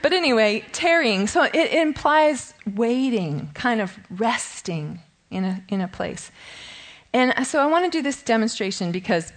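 A woman's voice: fairly high pitch, lively intonation, a little slow. A middle-aged woman giving a casual, self-deprecating Bible study talk, laughing often and a bit shaky with nerves. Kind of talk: informal teaching talk.

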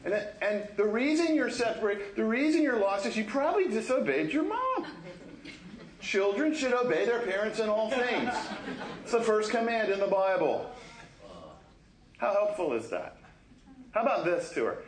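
Male pastor, fairly high voice, chatty sermon delivery with acted-out quotes, echoey church room. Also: very animated, normal speed. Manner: conversational, acts out quoted voices, laughs often. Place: church sanctuary.

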